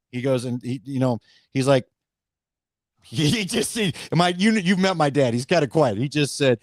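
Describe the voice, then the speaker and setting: A man hosts a casual sports talk show in a high voice, recorded dry and close. He talks in a quick, conversational way and pokes fun at himself. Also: animated, no room sound. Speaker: host.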